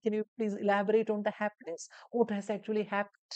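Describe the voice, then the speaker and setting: A woman voicing a gentle, reassuring nurse in an emergency ward, speaking in a slow sing-song way. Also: medium pitch, level tone, clean tone, no room sound, lo-fi sound, pitched above the performer's own voice, natural voice. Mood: polite. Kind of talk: role-play demonstration.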